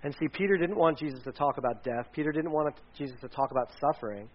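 A man's voice: on the high side, fast. Man preaching a chatty sermon, muffled sound. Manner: chatty, rambling with restarts and asides. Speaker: pastor. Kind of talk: casual conversational sermon. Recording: dull lo-fi recording.

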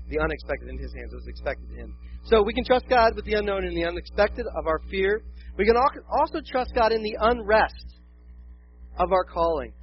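A man preaching a sermon as a pastor, animated and acting out quoted voices. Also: high voice, highs cut off, a little hiss or hum.

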